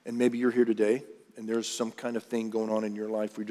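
A man's voice: on the low side, flat delivery, a little fast, mellow. A man preaching a sermon, in a conversational, earnest style that often restarts and talks straight to the congregation. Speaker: pastor. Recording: long reverb of a large hall.

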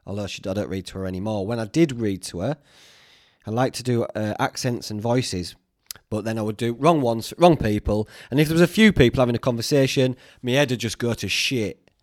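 A man's voice: medium pitch, fairly quick, no echo, studio quality. A man hosting a podcast, rambling along in casual chat, joking at his own expense and swearing freely. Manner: chatty, self-mocking, swears freely. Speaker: podcast host.

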